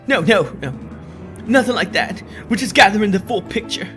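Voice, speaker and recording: A let's play host with a high-sitting male voice chats casually about a game at normal speed, animatedly reading the hero's lines aloud. Faint music plays behind him.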